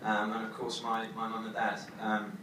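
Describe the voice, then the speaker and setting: A young man giving his wedding toast as the groom, halting with many fillers and fighting back tears. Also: fairly low pitch, completely flat delivery. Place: wedding reception hall. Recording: echoey hall from far off, crowd noise.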